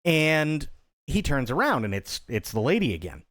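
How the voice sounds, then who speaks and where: Lively young man on a livestream. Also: fairly high pitch, moderate pace. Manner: playful, laughs often, restarts sentences. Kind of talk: casual stream chat, joke telling.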